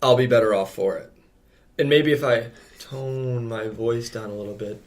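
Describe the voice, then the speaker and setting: A man's voice: mid-range voice, normal speed. A young man co-hosting a podcast in a laid-back, rambling casual chat. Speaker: podcast co-host.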